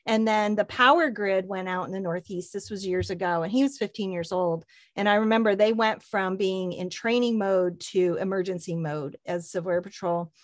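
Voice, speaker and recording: Brief: woman host, lively storyteller, dry close sound, does the voices in her anecdotes. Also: medium pitch, normal speed, few pauses, dry recording. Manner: animated storyteller, acts out quoted voices. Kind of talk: casual faith-based chat.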